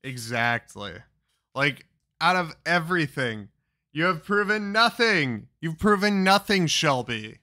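Male commentator, bright slightly high voice, slow and mocking, swears a lot. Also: lively intonation, no echo, clean studio sound. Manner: profane, mocking. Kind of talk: reaction commentary.

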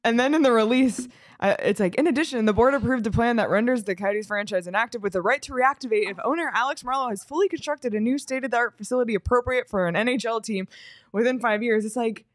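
A woman's voice: on the high side, fast, no echo, clean studio sound. A woman co-hosting a sports talk show, dismayed, reading news updates aloud.

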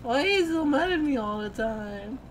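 A drunk, sloppy young cat girl, put on by a woman reading a game. She drags her words out very slowly, slurring and rambling as she pleads and apologizes. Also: medium pitch, fairly even intonation, slight background noise, lightly acted, rough recording. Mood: drunk pleading.

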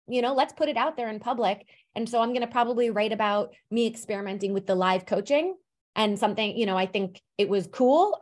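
A woman career coach hosting a live group session over a video call. She talks in a loose, chatty way, dropping "like" and "you know" as she goes. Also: medium pitch.

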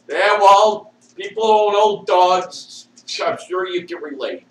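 Slow, echoey, swearing man ranting. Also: high-pitched, sing-song. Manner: erratic, swings between shouting and muttering; swears constantly. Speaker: vlogger. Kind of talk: rambling profane rant. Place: at home with a dog. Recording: echoey room, distant mic, faint hiss.

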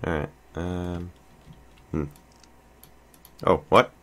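A man's voice: low-pitched, level tone, extremely slow, a bit bright. A young man hosting a let's play, thinking aloud in casual commentary with lots of fillers and restarts.

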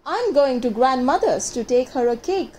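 A woman's voice: sits high, lively intonation, moderate pace, a little mellow. A woman voicing an innocent, polite little girl in a storybook reading.

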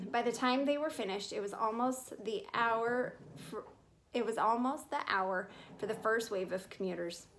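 A woman reading a children's chapter book aloud in a clear, steady storytelling manner. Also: on the high side, unhurried, a little hiss or hum. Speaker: reader.

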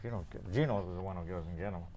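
Racing along in a deep, mellow voice, this local variety show host keeps up joking banter with his guests. Faint room noise sits behind his teasing wisecracks and frequent laughter.

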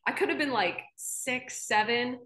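This young sports anchor's voice is a little high and fairly bright, and she keeps a measured pace. Speaking as a relaxed interview guest, she spins anecdotes, laughing frequently and dropping in many fillers.

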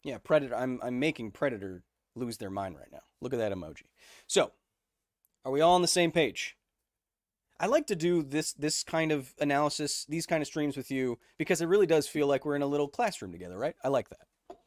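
A man's voice: a little high, lively intonation, brisk, no echo, clean studio sound. A man hosting a casual livestream, explaining science conversationally, checking in with viewers and answering their chat messages. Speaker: host.

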